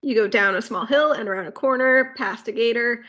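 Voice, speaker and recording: Podcast co-host, woman; bright, slightly high voice; rambling, filler-heavy walkthrough. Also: fairly quick. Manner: rambling ride walkthrough with filler words and asides. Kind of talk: casual podcast chat.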